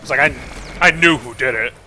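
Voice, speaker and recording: A man chatting while he streams a game. His voice is bright and forward, and he rambles through a story packed with swearing and filler words. He jumps in and out of voicing each person in the story as he goes. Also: mid-range voice, a little fast, a little hiss or hum. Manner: rambling, profane, leans heavily on 'like'; acts out both sides of quoted exchanges. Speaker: streamer and host. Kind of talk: casual storytelling while gaming.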